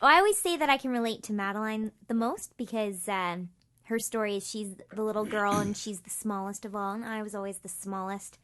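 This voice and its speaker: A woman's voice: medium pitch, brisk, a bit bright. A woman guest on a podcast, chatting casually and laughing often. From Canada. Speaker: guest voice actress. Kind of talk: casual chat.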